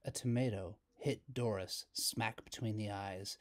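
A man reading a children's picture book aloud as storyteller, slow and expressive. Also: on the low side.

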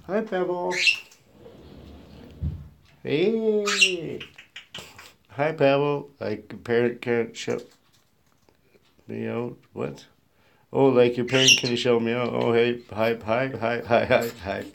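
A man's voice: medium pitch, a little slow, vocal fry. A man hosting a casual live stream with his pet cockatoo, greeting viewers and reading out where they are from with easy chuckles. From Canada. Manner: relaxed, chuckling, reads out viewers' home places. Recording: loud background noise and bird squawks. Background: a pet cockatoo squawking.

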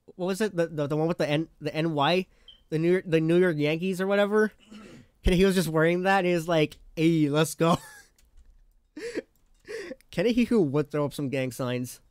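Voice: medium pitch, animated, moderate pace, darkish tone, smooth, dry recording. A live streamer chatting casually with chat, laughing often and talking in playful slang.

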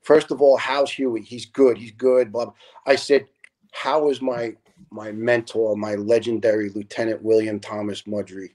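A middle-aged man, a retired fire lieutenant guesting on a podcast, telling stories in a casual, animated way, acting out dialogue and swearing freely. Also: fairly low pitch, normal speed. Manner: animated, profane storyteller who acts out dialogue. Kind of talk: casual storytelling.

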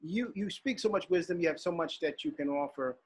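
A man's voice: fairly high pitch, a little fast, darkish tone, slightly rough. A male podcast host who asks earnest, hesitant questions with many ums. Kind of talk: interview questions and praise.

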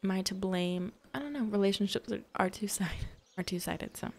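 A woman's voice: medium pitch, normal speed, gravelly. A young woman chatting casually over a farming game she is playing, rambling and heartfelt as she talks to her viewers. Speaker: gaming video host. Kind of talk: casual gameplay commentary.

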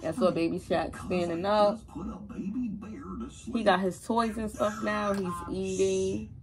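A young woman and mother chatting casually in a vlog at home, relaxed and chatty with lots of fillers. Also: medium pitch, slow, a crowd in the background. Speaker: vlogger, mother. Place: home, indoors.

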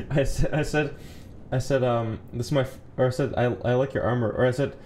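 A man's voice: medium pitch, normal speed, a little mellow, a little hiss or hum. A Canadian man telling stories in a casual, joking gaming chat. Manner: joking, laughs through stories.

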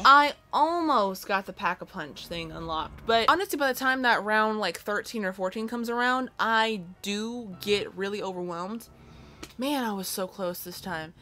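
A woman's voice: medium pitch, normal speed, pushed and bright. A young woman hosting her own channel, giving jittery, self-mocking gameplay commentary that breaks into yelps when startled. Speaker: gaming channel host.

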